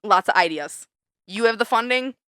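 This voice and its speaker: A young woman co-hosting a casual podcast, ranting heatedly, swearing often and jumping around in pitch when fired up. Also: normal speed, smooth, dry recording, studio quality. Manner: animated, big jumps in pitch when fired up. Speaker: podcast co-host. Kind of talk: casual chat. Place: small studio under a lamp.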